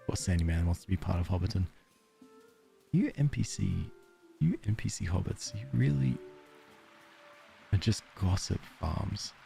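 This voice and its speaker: A man's voice: low-pitched, expressive, unhurried, vocal fry, long pauses, warm tone, faint music behind. A man with an Australian accent streaming a game, chatting casually with viewers in a joking, self-deprecating way and laughing often.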